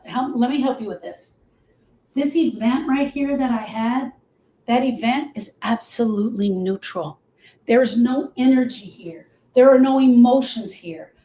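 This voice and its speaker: Woman grief coach, live teaching talk; emphatic and direct with listeners, a bit high-pitched, roomy echo. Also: dark tone.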